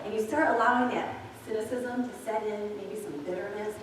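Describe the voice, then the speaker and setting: A woman's voice: mid-range voice, steady tone, brisk, few pauses, a little hiss or hum. A woman in her forties preaching a sermon, telling personal stories to her congregation in a candid, chatty way. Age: 40s. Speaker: pastor. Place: church sanctuary. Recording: very echoey, distant from mic.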